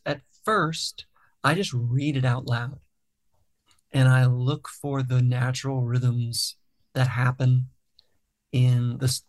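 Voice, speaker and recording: A man with a gravelly, creaky voice at an ordinary pitch, talking through his songwriting process in a relaxed interview. He explains things thoughtfully and step by step, pausing to find his words. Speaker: songwriter and guest. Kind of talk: casual interview talk.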